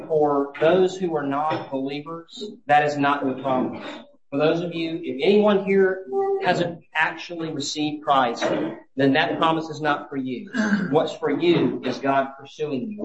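Guy preaching a sermon, earnest, lots of restarts then big emphatic bits, echoey dull church sound. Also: mid-range voice. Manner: earnest, with frequent restarts, rising to emphatic peaks. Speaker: pastor.

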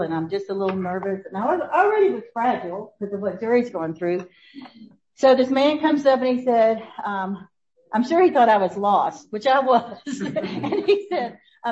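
A woman, sharing a personal testimony with an audience, telling the story warmly and laughing often. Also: medium pitch, expressive, moderate pace, highs cut off. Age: 70s.

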